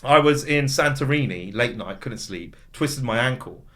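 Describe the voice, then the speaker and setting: A man's voice: medium pitch, animated, moderate pace, a bit bright. A man in casual podcast chat as a guest, telling stories in a rambling way full of fillers. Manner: rambling storyteller, many fillers.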